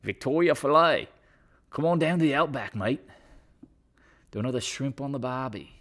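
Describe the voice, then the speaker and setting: A man's voice: mid-range voice, expressive, a bit bright, pitched above the performer's own voice. A man putting on an exaggerated Australian accent to play a brash, joking bushman. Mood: hammy. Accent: put-on Australian. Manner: exaggerated, hammy, drawn-out.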